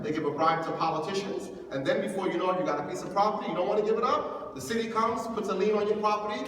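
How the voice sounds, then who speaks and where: High-voiced man lecturing in an echoey hall. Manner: animated, acts out quoted voices. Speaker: imam giving a youth lecture. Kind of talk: lively motivational lecture. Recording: echoey hall from far off, faint noise.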